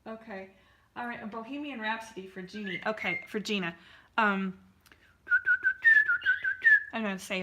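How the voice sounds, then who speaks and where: A woman's voice: medium pitch, moderate pace, pauses often, very noisy. A woman artist hosting a live painting stream, chatting casually and answering viewers' comments with lots of fillers.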